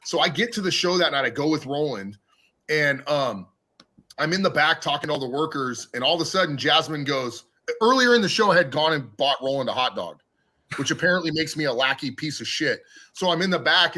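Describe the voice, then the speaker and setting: A man rattling off a backstage story with a bright, forceful edge to his voice. He sits a little high in pitch and laughs through the telling. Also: expressive, a little fast. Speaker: podcast guest. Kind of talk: profane storytelling chat.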